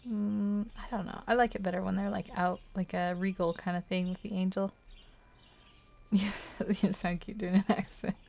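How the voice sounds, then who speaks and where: While streaming a drawing session, a woman chats casually in a mid-range, mellow voice that's creaky and flat. She speaks at a moderate pace, thinking aloud and hesitating, with frequent little laughs.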